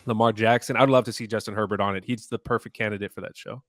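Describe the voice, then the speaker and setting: A man's voice: lowish voice, steady tone, quick pace, no room sound, studio quality. A man co-hosting a sports podcast in a casual, agreeable way, chatting with his co-hosts. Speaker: podcast co-host.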